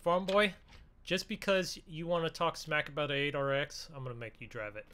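A man hosting a farming game role-play, talking with excitable, dramatic exclamations. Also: a little high, a little fast. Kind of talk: gaming role-play commentary.

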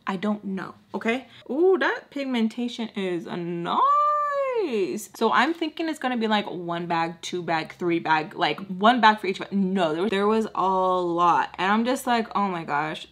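A woman's voice: medium pitch, normal speed, few pauses, fairly bright tone. A young woman, casually telling a dramatic storytime while doing her makeup, full of "like" and sighs. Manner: chatty, dramatic, heavy filler "like".

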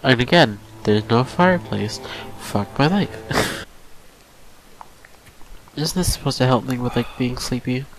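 A man's voice: mid-range voice, expressive, unhurried, long pauses, slight background noise. A tired young man talking to himself casually as he plays a survival game, with sighs and nervous little laughs. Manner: mumbled self-talk with sighs and nervous laughs. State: tired, drained late at night. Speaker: gaming channel host. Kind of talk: casual let's-play commentary.

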